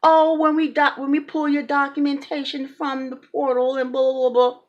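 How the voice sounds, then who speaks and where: A woman's voice: high-pitched, flat delivery, moderate pace, dull audio, voice pushed up, lightly acted. A woman mimicking a dismissive, condescending housing office clerk in a mocking, sing-song voice.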